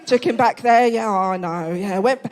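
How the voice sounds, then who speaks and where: A woman's voice: mid-range voice, moderate pace, a little mellow. A woman in her forties with an Essex accent, doing stand-up comedy in a club, brash, sweary and self-mocking. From England. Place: comedy club, live audience.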